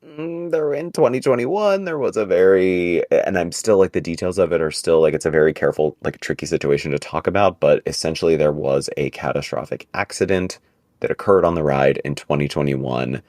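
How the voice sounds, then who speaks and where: A man co-hosting a casual podcast, telling stories in an animated, exasperated way. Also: a little fast, no room sound, clean studio sound. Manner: animated, exasperated storytelling with big pitch jumps. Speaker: podcast co-host.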